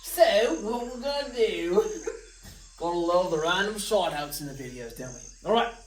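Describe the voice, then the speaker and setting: A woman's voice: fairly low pitch, expressive, unhurried. A woman teaching a recorded math review lesson, walking through problems step by step with playful, jokey asides to students. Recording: roomy, from a distance of the mic.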